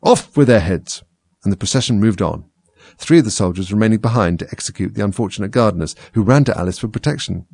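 Gravelly low-voiced male storyteller. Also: fast, no echo. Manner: expressive, lively storytelling. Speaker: narrator. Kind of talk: storybook reading.

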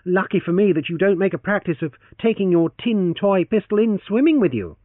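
A man's voice: high-pitched, very animated, unhurried, dry recording, voice pushed up, full character voice. A man reading an audiobook and voicing a teasing, confident young man, over a tinny line. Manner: teasing, playful. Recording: tinny phone-like, dry.

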